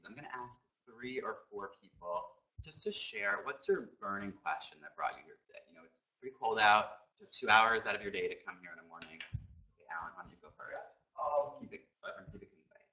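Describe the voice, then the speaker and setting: A man's voice: on the low side, sharp tone, recorded from a distance, low-quality recording. A man moderating a panel event in a meeting room, upbeat and chatty, coaxing people to speak.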